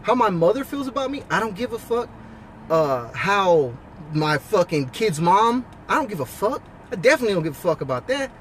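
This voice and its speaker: High-voiced guy ranting outside, swears nonstop, blunt and preachy, bit of street noise. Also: big pitch swings, moderate pace. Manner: blunt, heavily profane, preachy. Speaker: husband and father giving life advice. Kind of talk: casual monologue to camera.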